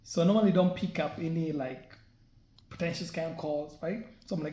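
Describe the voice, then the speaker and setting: A man's voice: fairly high pitch, normal speed, warm tone. A man vlogging, telling a personal story in a casual, chatty way and often checking in with "right?". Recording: echoey room.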